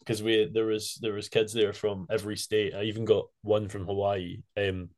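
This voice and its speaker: Animated podcast host. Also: male voice, on the low side, moderate pace. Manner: animated storyteller, laughs a lot, loose phrasing. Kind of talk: casual chat.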